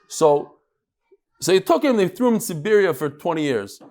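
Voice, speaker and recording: A man with a fairly high voice teaches a Talmud class, reading passages and explaining them with lively energy. He is middle-aged and tells anecdotes quickly and expressively. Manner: animated, quick storytelling with Hebrew-Aramaic reading. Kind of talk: Talmud lecture.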